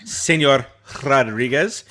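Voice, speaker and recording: A man's voice: medium pitch, slow pace, bright, forceful tone. A man hosting a casual chat show over a video call, joking around and teasing his co-hosts. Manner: joking, teasing, laughs often. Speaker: show host.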